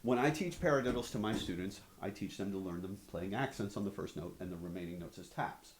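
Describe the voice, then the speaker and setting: A man's voice: sits low, fairly quick, echoey room, background noise. A man teaching drumming, explaining stick strokes in a practical, conversational way and often checking in with "right?". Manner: explanatory, counts beats aloud, frequent "right?" tags. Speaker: drum teacher. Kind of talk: instructional demonstration. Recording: drums and clicks behind voice.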